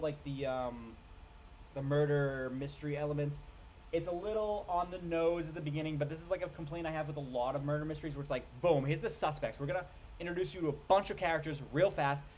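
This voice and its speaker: Casual male movie reviewer, slightly high voice, loose and rambling, full of ums and restarts, some swearing, faint hiss underneath.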